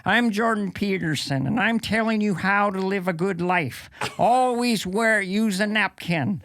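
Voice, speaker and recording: A man's voice: sits high, a bit bright. A man doing a comic impression of a frazzled older self-help author who lectures earnestly and stumbles over his words. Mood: earnest lecturing. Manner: earnest, lecturing, halting restarts.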